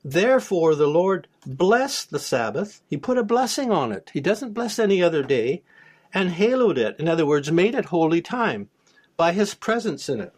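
A man's voice: high voice, very animated, moderate pace, a little mellow. A man teaching a Bible study, reading verses aloud and then explaining them plainly, with small restarts. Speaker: preacher.

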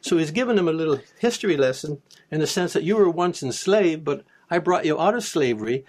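A man's voice: fairly high pitch, animated, fairly quick. A man teaching a Bible study, reading verses aloud and then explaining them plainly, with small restarts. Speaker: preacher.

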